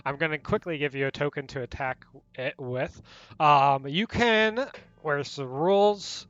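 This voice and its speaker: A man's voice: on the high side, unhurried, fairly bright tone, no room sound, dull audio, soft background music. A man running a tabletop fantasy game as game master, describing scenes and explaining rules in an upbeat way.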